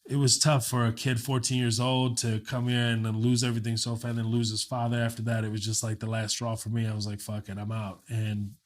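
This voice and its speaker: A man's voice: mid-range voice, monotone, fairly quick, hardly any pauses. A man in his late thirties, from Kuwait and raised in Texas, is a guest comedian telling a loose, profane story and laughing through it. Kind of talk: casual storytelling.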